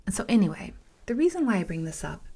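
A woman's voice: mid-range voice, big pitch swings, fast, mellow, husky. A woman hosting a podcast, telling a personal story in a candid, emphatic way, repeating words for stress, often dropping to a whisper and speaking to listeners as "you guys.". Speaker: podcast host.

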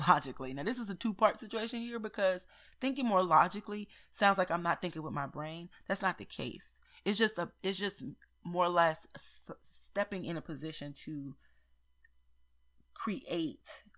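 A woman's voice: lowish voice, a bit bright. A young woman, talking candidly and playfully on a solo podcast episode. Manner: candid, chatty, playful asides. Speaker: podcast host. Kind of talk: casual solo podcast talk.

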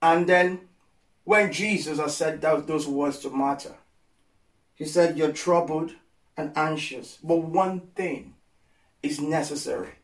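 A man preaching a sermon with passion, repeating phrases for emphasis and swinging from hushed, gentle lines to loud, pleading ones. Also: a little high, slow, pauses often. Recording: echoey sound from a distant mic.

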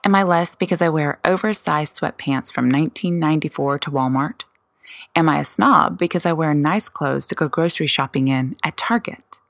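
A woman in her forties hosts a solo podcast. Her voice sits low with a gravelly grain, and the close, dry recording has no room sound. She rattles off candid, self-questioning rhetorical questions with a wry touch. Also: moderate pace, dry recording. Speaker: podcast host.

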